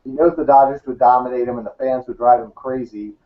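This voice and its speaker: A man's voice: mid-range voice, fairly even intonation, fast, highs cut off. A man hosting a casual sports panel over an online call, asking long questions and laughing often. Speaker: talk show host.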